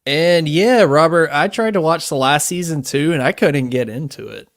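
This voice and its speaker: A man with a fairly high voice co-hosts a podcast at normal speed, recorded dry with clean studio sound. The chat is casual and laid-back, full of free swearing and frequent laughter.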